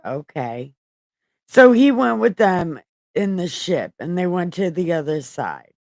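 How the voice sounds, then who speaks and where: A woman reads the Bible aloud at an unhurried pace, her voice dry and close with no room sound. She corrects her own slips and throws in profane, offhand retellings. Between verses she rambles to viewers who may not be there. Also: on the low side, sing-song, a little mellow, no room sound. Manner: irreverent, swears while paraphrasing; rambling, self-correcting, talks to an empty chat. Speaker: livestream Bible reader. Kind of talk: casual live Bible reading with chatty asides.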